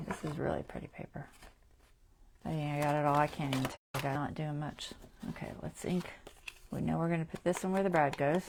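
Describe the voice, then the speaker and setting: A woman hosting a crafting livestream, chatting as she works, thinking aloud, often trailing off softly and laughing at herself. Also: low-pitched, background noise. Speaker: craft channel host. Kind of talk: casual crafting livestream chat.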